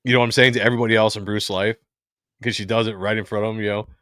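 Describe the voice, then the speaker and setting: A man's voice: lowish voice, little pitch movement, very fast, fairly bright tone, no echo, clean studio sound. A man hosting a casual comic book review, talking in a crude, joking way. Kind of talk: casual chat while reading comics.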